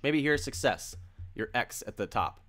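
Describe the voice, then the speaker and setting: A man's voice: medium pitch, animated, moderate pace, pushed and bright. A man hosting a crypto channel, talking casually and earnestly and repeating phrases for emphasis while he explains with drawings.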